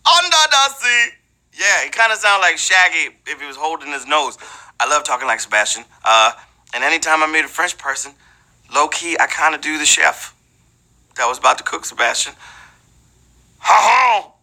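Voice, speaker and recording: A man's voice: fairly high pitch, brisk, pushed and bright. A man hosting a live trivia game show, playful and hyped, bantering with his viewers and breaking into bits of song.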